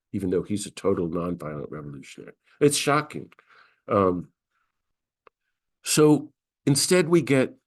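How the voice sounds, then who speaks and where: A middle-aged priest teaching a class on scripture, lively and conversational, briefly acting out the voices of the figures he quotes. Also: medium pitch. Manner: animated, acts out quoted voices. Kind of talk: lecture on scripture.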